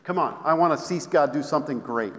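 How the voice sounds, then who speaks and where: A man's voice: fairly high pitch, expressive, fast. A man preaching a sermon, repeating phrases, stumbling over restarts and calling out to the congregation. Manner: repetitive call-and-response preaching, many restarts. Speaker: pastor. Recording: long hall reverb.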